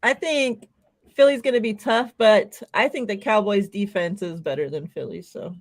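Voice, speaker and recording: Blunt, mid-pitched woman talking football. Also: moderate pace. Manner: blunt, teasing and profane. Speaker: podcast co-host. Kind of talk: casual sports chat.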